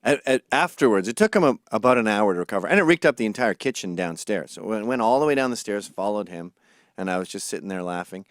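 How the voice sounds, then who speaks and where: A man's voice: lowish voice, expressive, quick pace, no echo, clean studio sound. A man hosting a comedy podcast, telling crude stories animatedly and acting out other people's voices. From Scotland. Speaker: podcast host. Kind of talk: comedic storytelling.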